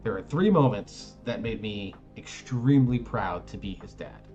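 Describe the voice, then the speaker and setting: A man with a low voice tells a long, meandering story in casual chat, full of fillers and little restarts. He acts out what others said as he goes, with faint music playing underneath. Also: moderate pace, dull audio. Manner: rambling, animated anecdote with many fillers. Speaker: streamer.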